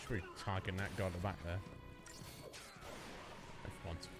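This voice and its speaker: A man casually commenting while he plays a video game on a live stream, chatty and quick to mimic the characters. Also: sits low, little pitch movement. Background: game music.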